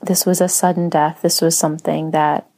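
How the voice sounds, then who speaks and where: A woman who writes and teaches writing, speaking slowly in a soft, reflective personal monologue with frequent pauses. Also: low voice, flat delivery. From Spanish-speaking home. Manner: slow, soft-spoken, pausing often.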